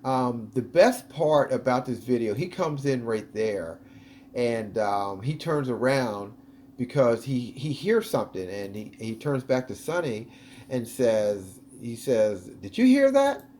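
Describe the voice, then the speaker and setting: A man's voice: medium pitch, takes it slowly, a little mellow, slight background noise. A man hosting a video, talking casually and eagerly over footage, with lots of ums and restarts. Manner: chatty, enthusiastic, many ums. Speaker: video host analyzing footage.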